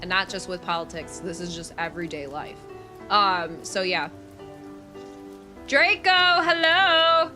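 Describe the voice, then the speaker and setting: A woman's voice: lowish voice, steady tone, normal speed, pushed and bright, soft background music. A woman streaming live, chatting casually and answering her chat with frank, profane talk.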